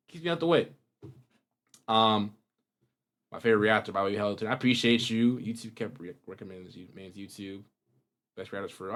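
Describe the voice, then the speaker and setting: A young man hosting a reaction video, talking casually to his viewers in a rambling, slangy way. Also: medium pitch. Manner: rambling, slangy, animated with wide swings in loudness.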